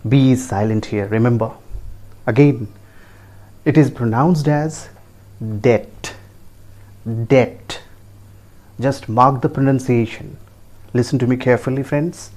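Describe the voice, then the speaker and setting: Indian English teacher spelling words slowly. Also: male voice, mid-range voice, warm tone. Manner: repetitive, slow letter-by-letter spelling, rising checking questions. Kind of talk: pronunciation lesson.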